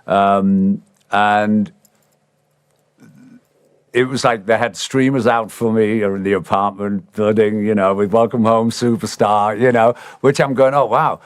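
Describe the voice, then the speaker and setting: Older guy from england telling a story, low voice, dry close sound, does the voices. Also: a little slow, clean tone, no echo. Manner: animated, acts out quoted voices. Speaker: interviewee. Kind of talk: casual storytelling.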